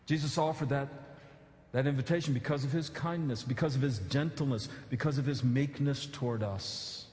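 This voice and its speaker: A man's voice: mid-range voice, moderate pace, a little mellow. A man pastor preaching a sermon, earnest, with emphatic pleading appeals and casual asides. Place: church sanctuary. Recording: echoey church hall.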